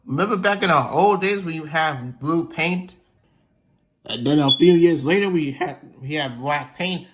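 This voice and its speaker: A man's voice: fairly high pitch, measured pace, fairly bright tone. A man voicing a blunt, teasing male engine in a toy train story.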